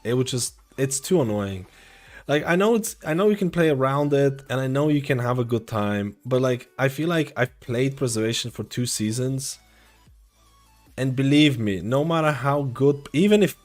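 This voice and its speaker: A man's voice: mid-range voice, a little mellow. A young man streaming live, answering viewer questions in a loose, rambling, chatty way. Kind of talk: casual live-stream chat. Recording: faint music behind.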